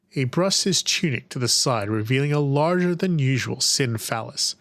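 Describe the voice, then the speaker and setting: Man, audiobook narrator, measured scripted storytelling, mid-pitched, very dry close-mic sound. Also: expressive, fairly bright tone, dry recording, low-quality recording.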